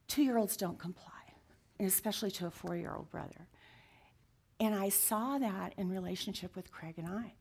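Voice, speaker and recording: A woman's voice: mid-range voice, vocal fry, fairly bright tone. A woman in her sixties telling her story in an interview, earnest and heartfelt, at times dropping to a near whisper. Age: 60s. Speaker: guest sharing her story. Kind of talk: confessional interview talk.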